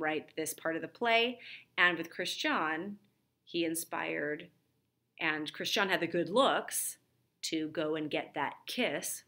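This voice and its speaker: Slow-talking woman teacher retelling a play. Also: low voice, a bit bright. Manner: conversational retelling with fillers. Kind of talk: literature lesson summary.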